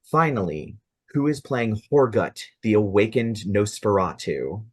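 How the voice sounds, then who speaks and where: A man running a tabletop role-playing game as game master, narrating scenes in a descriptive, measured way. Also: on the low side, big pitch swings, darkish tone, husky.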